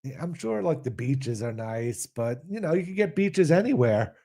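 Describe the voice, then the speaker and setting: A man co-hosting a podcast in casual chat, dropping deadpan wisecracks. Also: mid-range voice, moderate pace. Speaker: podcast co-host.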